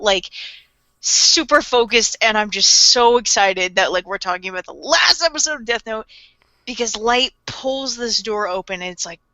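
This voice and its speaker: A woman's voice: medium pitch, bright, forceful tone, no echo, muffled recording. A woman casually recapping an anime with a co-host, acting out the characters' lines and laughing often. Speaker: podcast co-host.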